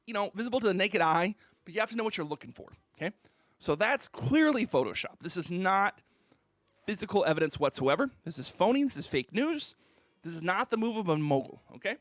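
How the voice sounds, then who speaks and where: A man's voice: high-pitched, a bit bright, dry recording, clean studio sound. A man streamer ranting on a casual livestream, mock-indignant and theatrical, who keeps asking "okay?".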